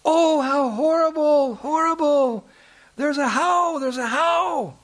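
A man voicing a fussing mother who cries out in pretend terror, in a high shrill voice while telling a devotional story. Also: lively intonation, normal speed, a little mellow. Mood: mock terror. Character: fussing mother, mock-terrified, shrieking in alarm.

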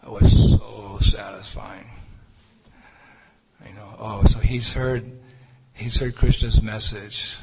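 A man's voice: medium pitch, husky. Earnest storytelling preacher man, reverberant hall. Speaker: Hare Krishna preacher. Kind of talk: sermon with personal storytelling. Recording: reverberant hall with faint noise.

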